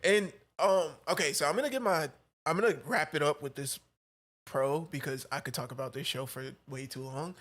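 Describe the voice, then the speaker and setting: A young man with a bright, forceful voice, a little high-pitched, chatting casually about anime. He gets excited, laughs a lot, and swears without a second thought. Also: normal speed. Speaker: podcast co-host.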